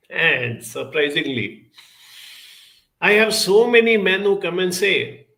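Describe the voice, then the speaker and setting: A man's voice: high-pitched, very animated, slow, pushed and bright, low-quality recording. A man, a counselor giving an earnest, explanatory talk to camera and putting questions to the viewer.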